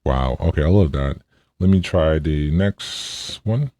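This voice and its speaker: A man talking through a male voice-changer preset that deepens his voice, testing it aloud and sounding impressed. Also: unhurried, mellow, dry recording, clean studio sound.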